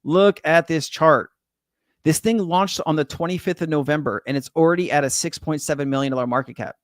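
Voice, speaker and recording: This crypto livestreamer, a middle-aged man originally from California, talks fast in a fairly high voice, recorded cleanly with no echo. Broadcasting from home in Hawaii, he goes through viewer comments with laid-back, cuss-filled, slang-laden chatter, calling people "man" and "bro."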